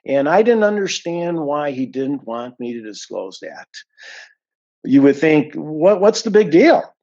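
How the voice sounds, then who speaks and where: A man's voice: fairly high pitch, very animated, unhurried, dark tone, highs cut off. A man giving an indignant, emphatic account of a complaint as an unhappy client, stressing and repeating his points. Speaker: dissatisfied client giving a review.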